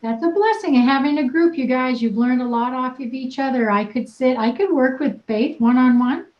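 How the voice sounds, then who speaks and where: A woman's voice: high-pitched, normal speed, echoey room, dull audio. A woman wellness coach leading a group session, talking in an upbeat, playful, encouraging way.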